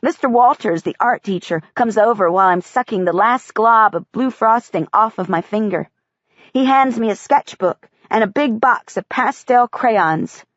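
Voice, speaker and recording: A woman reading a first-person audiobook in a measured, quiet way. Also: a little high, dry recording, highs cut off. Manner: measured, quiet child's-eye telling. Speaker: audiobook narrator.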